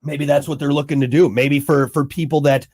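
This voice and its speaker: A man's voice: a little high, steady tone, a little fast, a little mellow. A man hosting a radio show, reading news items and bantering with a jokey, rambling manner. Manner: jokey, rambling, slips into mock macho rants.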